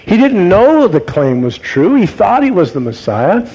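Slow, emphatic preacher man. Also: sits high, sing-song, warm tone, husky, highs cut off. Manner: emphatic preaching, rhetorical questions to the congregation. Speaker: pastor. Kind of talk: sermon.

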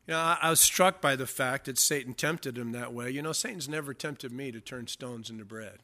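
A man's voice: mid-range voice, moderate pace, bright, forceful tone. A male pastor preaching an expository sermon, emphatic and often asking the congregation questions.

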